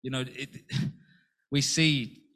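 Man preaching a sermon, earnest, lots of rhetorical questions, voice jumps up high for quotes. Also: steady tone, slow pace, a bit bright. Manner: earnest, with rhetorical questions and sudden rises in pitch.

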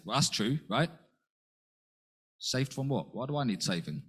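A man preaching a sermon in an earnest way, asking rhetorical questions and jumping up in pitch to act out quotes. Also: big pitch swings, measured pace, fairly bright tone, husky.

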